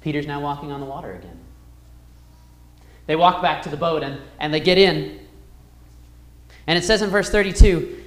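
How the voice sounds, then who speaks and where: A man's voice: fairly high pitch, animated, moderate pace, long pauses. Man teaching a Bible class, echoey room. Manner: reads verses aloud and retells the story with wide swings in loudness.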